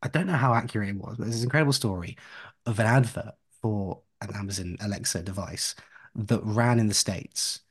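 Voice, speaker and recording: A man with a lowish voice, talking at home in a relaxed podcast chat. He rambles and drifts off on tangents, with laughing asides along the way. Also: a little fast, slightly rough. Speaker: podcast co-host.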